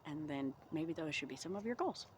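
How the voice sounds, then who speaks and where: A woman vlogging outdoors in the cold, talking through reflective self-help questions in a gentle, encouraging way. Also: low-pitched, lively intonation, a little fast, a little hiss or hum.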